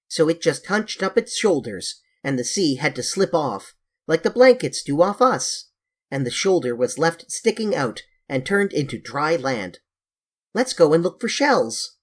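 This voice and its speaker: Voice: medium pitch, breathy edge. An audiobook reader voicing a bold, know-it-all older boy who talks in a brash, teasing way.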